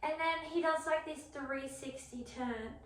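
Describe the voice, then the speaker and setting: A young woman telling a travel story in casual chat, animated and laughing as she acts out what others said. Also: high-pitched, unhurried, recorded from a distance. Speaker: podcast co-host. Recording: roomy echo, a bit off mic, faint hiss.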